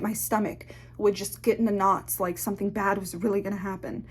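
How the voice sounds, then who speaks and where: Young woman, emotional confession to camera, candid, halting, swears a lot, fighting back tears. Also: mid-range voice, little pitch movement, slightly rough. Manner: candid, halting, swears often, fillers and restarts. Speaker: ASMR channel host.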